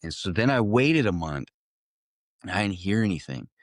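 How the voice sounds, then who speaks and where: A man's voice: low-pitched, sing-song, normal speed, dry recording, studio quality. A young adult man, an actor guest, telling a story casually and animatedly, laughing often and restarting sentences.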